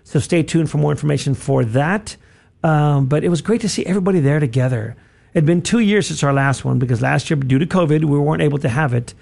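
A man's voice: on the high side, fast talker, gravelly, darkish tone. A man hosting a radio talk show, leading a prayer and chatting in a rambling, self-correcting way with easy chuckles.

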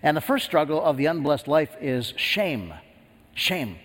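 A man's voice: fairly high pitch, lively intonation, unhurried. Earnest preaching man, hall echo. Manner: earnest, storytelling, frequent restarts. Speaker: pastor. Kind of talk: sermon.

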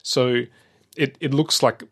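A man's voice: medium pitch, steady tone, slow pace, breathy edge. A middle-aged man telling a travel story in casual chat, rambling with many fillers and restarts.

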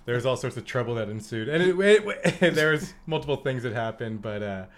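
A man's voice: mid-range voice, expressive, fairly quick. A young man co-hosting a podcast, telling rambling stories in casual chat with lots of fillers. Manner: rambling storyteller, frequent fillers and laughter. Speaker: podcast co-host.

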